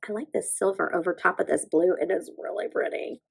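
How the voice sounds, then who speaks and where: A woman's voice: on the low side, fairly even intonation, brisk, gravelly, slightly rough, poor audio. A woman, chatting casually through a nail stamping tutorial and gushing to her viewers as she works. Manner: bubbly, gushing, talks to viewers as "you guys". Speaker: beauty vlogger.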